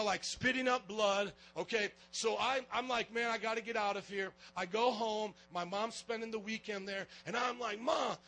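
A man preaching a lively sermon as pastor, calling for amens and getting loud at times. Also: high-pitched, gravelly, poor audio.

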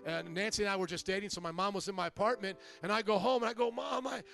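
High-voiced middle-aged pastor preaching. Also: male voice, racing, vocal fry, music in the background. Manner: humorous storytelling, animated. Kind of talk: sermon.

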